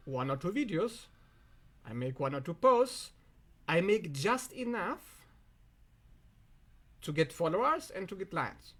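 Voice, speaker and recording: Non-native english guy ranting self-help at the camera, high voice jumping all over, swears a lot. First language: not English. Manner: emphatic, profane, animated. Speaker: self-help video host. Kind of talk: direct-to-camera monologue.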